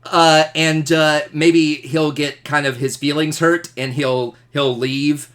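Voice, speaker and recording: A man teaching an astronomy class, animated and jokey, asking questions. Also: a little high, slow pace. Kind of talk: classroom lecture.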